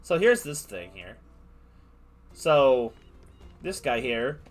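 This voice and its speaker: A man's voice: medium pitch, sing-song, slow pace, long pauses. A man streaming a game live, reading the on-screen text aloud and rambling playfully between lines. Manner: playful, rambling asides with frequent restarts. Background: game music.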